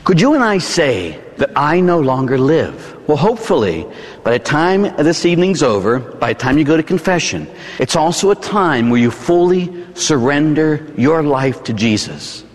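A middle-aged Catholic priest with a Pittsburgh accent, preaching a sermon in a church in a conversational way, often tagging lines with "huh?" and "right?". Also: male voice, on the high side, big pitch swings, moderate pace, long reverb tail. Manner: conversational preaching with rhetorical tag questions.

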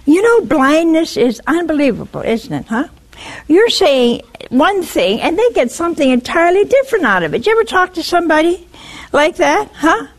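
Animated woman preaching a sermon. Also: sits high, moderate pace. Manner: animated, questioning the listeners directly.

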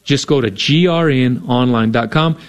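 A man's voice: mid-range voice, normal speed, smooth. A man co-hosting a radio fundraiser, coaxing listeners to give in an earnest, persuasive way and often adding "right?". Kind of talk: on-air fundraising appeal.

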